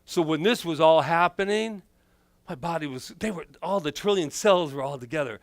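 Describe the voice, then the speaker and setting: A middle-aged man and minister giving a playful, animated sermon full of personal stories. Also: fairly high pitch, moderate pace, dry recording. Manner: animated, playful, acts out quotes.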